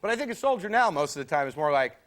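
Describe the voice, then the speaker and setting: A male comedian works a TV studio stage in front of an audience, impersonating the people in his stories. He talks fast in a fairly high, sing-song voice. It's very noisy, with the broadcast stage audio full of laughter from the crowd.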